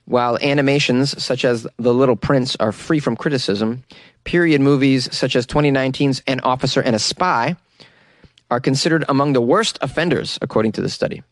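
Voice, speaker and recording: A man's voice: mid-range voice, a little fast, dry recording, studio quality. Sarcastic American man riffing on news. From United States. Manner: sarcastic, laughs often, reads out news and riffs on it. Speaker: news commentary host. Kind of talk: casual news commentary.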